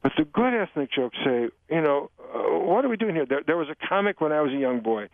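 An older man, a guest author, telling jokes and talking about humor in a radio interview, animated and given to slipping into voices. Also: on the high side, a little fast, no echo. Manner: animated storyteller, jumps into joke voices. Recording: dry tinny radio phone-line sound.

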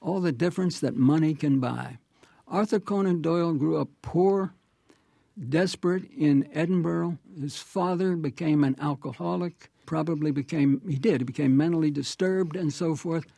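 A man with a gravelly, husky voice, dark in tone and slightly high for a man, is interviewed as an author on a radio show. He talks in a reflective, anecdotal way and often restarts his phrases. The studio sound is dry and close. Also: moderate pace, dry recording. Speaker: author and guest.

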